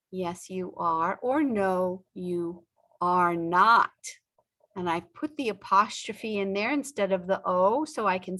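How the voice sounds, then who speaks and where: A middle-aged woman teaching a beginner English lesson, saying example sentences slowly with frequent pauses. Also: mid-range voice, sharp tone. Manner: stretches out example sentences, pausing often. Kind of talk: slow, deliberate ESL lesson.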